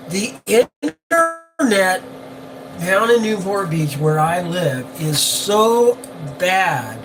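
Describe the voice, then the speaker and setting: An older man talks casually on a live stream from aboard a yacht, speaking into a phone. He rambles and fills gaps with ums and uhs. Engine and wind hum sit clearly behind his voice. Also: sits high, expressive, slow. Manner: rambling, chatty, many fillers. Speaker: boat captain livestreamer.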